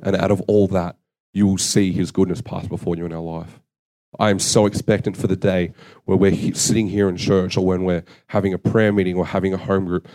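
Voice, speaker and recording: This young man's deep, mellow voice moves briskly with a flat delivery. He preaches a sermon in an earnest, conversational way, telling self-deprecating stories against himself.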